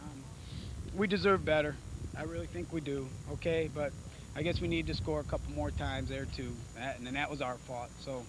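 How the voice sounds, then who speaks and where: A man coaching high school football, giving an emotional, frustrated postgame interview on the field. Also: fairly even intonation, brisk, noisy background.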